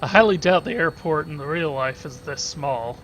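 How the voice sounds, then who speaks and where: A man's voice: a little high, moderate pace, noisy background. A man giving casual gameplay commentary as a let's play host, joking and irreverent, thinking aloud. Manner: joking, irreverent, talks to himself.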